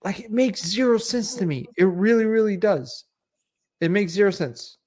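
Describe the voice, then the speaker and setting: Brash, swearing livestream host. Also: male voice, sits high, lively intonation, moderate pace, darkish tone. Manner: ranting, swears freely, laughs often. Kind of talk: casual livestream chat.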